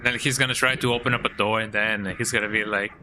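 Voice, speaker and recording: A man's voice: on the low side, steady tone, fast talker, background noise. A man streaming a game, playfully reading the characters' lines aloud and tacking a jokey "eh?" onto them. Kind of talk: casual gameplay commentary. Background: game music.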